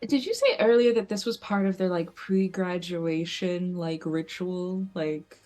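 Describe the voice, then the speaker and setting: A woman's voice: fairly low pitch, measured pace, darkish tone, faint music behind. Playful woman at a tabletop game. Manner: playful, joking. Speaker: player. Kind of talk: casual tabletop game play.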